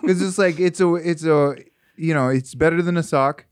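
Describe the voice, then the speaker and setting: A man's voice: on the high side, moderate pace, clean tone, no room sound, clean studio sound. A young adult man co-hosting a podcast, telling crude stories and trading jokes. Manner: crude, joking banter. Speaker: podcast co-host. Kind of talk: casual storytelling chat.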